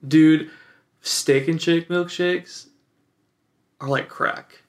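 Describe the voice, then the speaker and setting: Laid-back young man, slightly high voice. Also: steady tone. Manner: laid-back, rambling, quick to laugh. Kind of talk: casual chat. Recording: echoey room.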